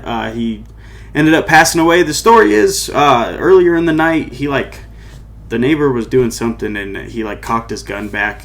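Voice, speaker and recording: A slight hiss or hum sits under this young man's lowish, fairly bright voice. He's a podcast host and musician recounting a personal story on his show in a rambling, loose way, constantly saying "like" and "you know what I mean."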